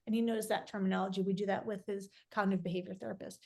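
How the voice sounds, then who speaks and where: This middle-aged podcast guest talks fast with a flat delivery at medium pitch, barely pausing at all. Candid and reflective in the conversational interview, she frequently starts sentences over and uses fillers.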